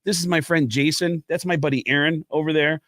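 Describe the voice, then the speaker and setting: A man's voice: a little high, fairly quick, dry recording. A man, a stand-up comedian, telling stories on a talk show in casual chat and acting out the lines of the people he quotes. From United States. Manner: animated storyteller who acts out quotes. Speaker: guest, stand-up comedian and impressionist.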